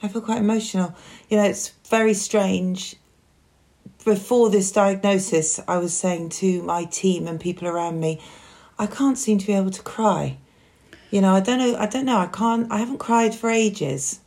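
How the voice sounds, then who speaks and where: A woman's voice: medium pitch, moderate pace, a little mellow. A woman, a podcast guest, telling her own story in a candid, reflective way. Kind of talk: personal conversation.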